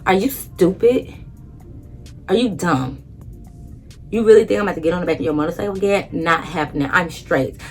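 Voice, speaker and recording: Animated woman telling a storytime. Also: fairly low pitch, a little fast, pauses often, faint music behind. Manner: animated, emphatic, blunt with heavy swearing. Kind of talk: casual storytime.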